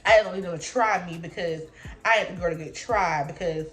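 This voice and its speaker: A young woman telling a storytime vlog in casual slang, acting out voices with big jumps in pitch. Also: fairly quick, soft background music. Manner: animated storytelling, acting out her own and others' lines with big pitch jumps. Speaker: vlogger.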